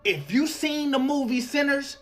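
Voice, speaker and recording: A man's voice: very high-pitched, animated, moderate pace, fairly bright tone, faint music behind. A man hosting a reaction video, talking casually and slangily to his viewers. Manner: slangy, exclaiming, addresses viewers as y'all. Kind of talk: casual commentary on a clip.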